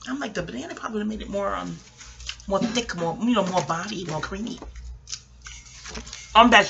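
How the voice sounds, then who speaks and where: A woman's voice: medium pitch, animated, fairly quick, vocal fry, pauses often, muffled recording, background noise. A woman, rambling through a casual, profane TV recap at home, digressing and laughing often. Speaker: vlogger reviewing a TV episode. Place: home, near a kitchen.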